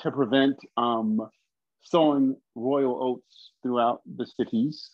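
A man co-hosting a podcast in casual chat, halting and comically rambling. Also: medium pitch, fairly even intonation, no echo. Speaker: podcast co-host. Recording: dull dry sound.

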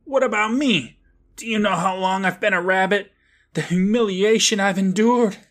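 A man's voice: on the high side, lively intonation, fast, gravelly, bright, forceful tone, pitched above the performer's own voice, exaggerated voice. A man voicing a sarcastic male wizard stuck in a rabbit's body, reading his lines in a mocking, theatrical way. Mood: aggrieved.

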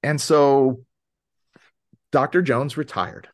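A man as a podcast guest, telling a story in a casual, animated way and acting out quoted voices. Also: medium pitch, slow. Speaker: podcast guest, wellness advocate.

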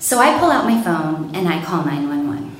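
Woman telling a story, super animated, big echoey room, a bit of hiss. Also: low voice, moderate pace. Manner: animated, acts out panicked quotes. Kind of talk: live personal storytelling. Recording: very echoey room, faint noise.

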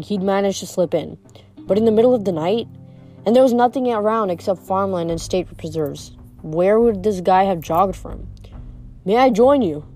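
A woman reading a first-person novel aloud in steady storybook narration. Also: mid-range voice. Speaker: audiobook reader.

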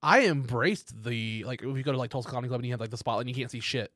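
A man with an Oklahoma accent hosts a comedy podcast. He has a mid-pitched voice and keeps up quick banter, often chiming in to agree. A close studio mic keeps his voice dry. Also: fairly bright tone, dry recording. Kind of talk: casual podcast chat.

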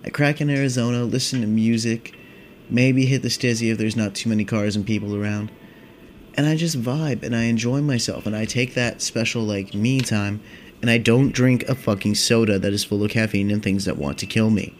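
A man's voice: fairly low pitch, steady tone, moderate pace, a little hiss or hum. A young man hosting a casual podcast, rambling and swearing in a laid-back stoner monologue. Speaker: podcast host.

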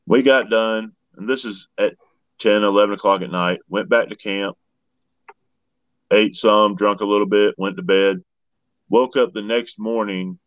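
A man's voice: on the low side, fairly bright tone, dry recording, lo-fi sound. A plain-spoken man, telling his story as a guest. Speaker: guest researcher. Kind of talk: casual storytelling.

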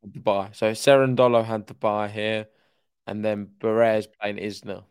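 A man's voice: fairly low pitch, level tone, measured pace, clear, resonant tone, dry recording, studio quality. A man co-hosting a tennis podcast, laid-back and casual, reading out chat comments and correcting his own slips. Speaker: podcast co-host.

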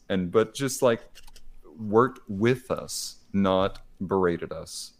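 A man with a fairly low voice, talking casually on a podcast. He tells workplace stories with a playful edge and acts out other people's lines. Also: slow pace.

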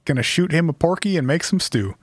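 An easygoing man walks his co-host through a strange story, wry and relaxed in his delivery. His voice sits a little higher than usual for a man and is recorded close and dry. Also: fast talker, no echo. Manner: easygoing, wry, reads quotes aloud. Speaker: podcast host telling the story. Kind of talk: casual storytelling chat.

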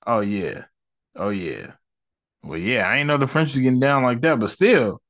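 A young man giving casual reaction commentary, slang-heavy and profane, rambling fast and bursting into loud, animated rants. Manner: loud, profane and animated, swinging into high outbursts. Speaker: online commentator.

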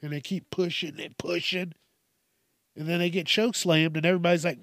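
A man's voice: a little high, steady tone, brisk, creaky, fairly bright tone, no room sound, clean studio sound. A man hosting casual comedic news commentary, swearing often, laughing and riffing on stories.

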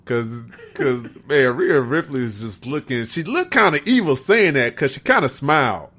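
A man with a mid-pitched, lively voice that swings up and down as he talks. He chats casually and gets animated, often acting out what other people said. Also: moderate pace. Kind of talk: casual chat.

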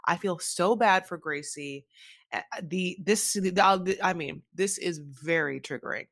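A woman's voice: lowish voice, a little slow, no room sound, clean studio sound. A woman co-hosting a podcast, chatting casually about a reality show and acting out what people say. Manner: animated, swearing, acts out quotes. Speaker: podcast co-host. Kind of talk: casual recap chat.

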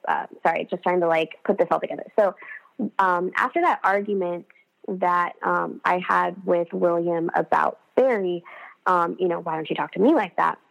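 Gravelly-voiced woman telling her story. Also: on the low side, highs cut off. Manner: rambling, frequent fillers and restarts, animated quoting. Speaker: podcast guest. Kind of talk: candid personal storytelling.

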